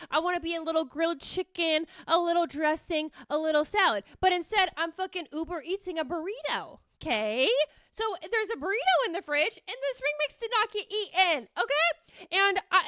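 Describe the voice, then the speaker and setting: A woman in her thirties hosting a podcast, telling a story in a playful, profane, animated way. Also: high-pitched, dry recording, clean studio sound. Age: 30s. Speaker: podcast host. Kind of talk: casual solo storytelling.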